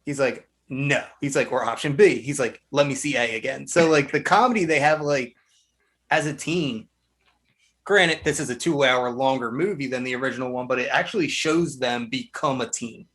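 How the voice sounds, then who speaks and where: Man, bright voice, mid pitch, casual podcast chat, acts out movie scenes. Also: normal speed. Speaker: podcast co-host.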